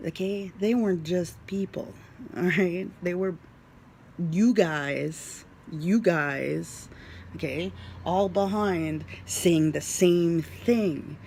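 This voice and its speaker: Vlogger rambling through a dream story, slow and gravelly, lots of um and like, some whispering. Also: mid-range voice, warm tone, slight background noise. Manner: rambling, full of fillers, drops into whispers. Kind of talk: casual storytelling to camera.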